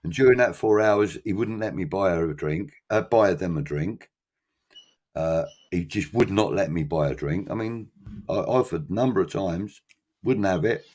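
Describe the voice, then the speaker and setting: A man's voice: deep voice, moderate pace, a little mellow. A man, middle-aged, telling a long story in casual chat, acting out voices and swearing freely.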